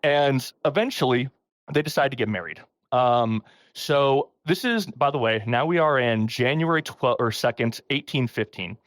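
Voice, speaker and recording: A podcast host with a medium-pitched voice talks at a moderate pace, captured without echo. He tells a story in a casual, animated way, laughing a lot and delivering quoted parts in a raised voice.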